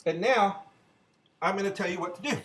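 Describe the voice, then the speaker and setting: Brisk and a bit bright, this older man's voice sits high as he chats to viewers during a casual cooking demonstration in his own kitchen, explaining every step while he works. The audio is poor.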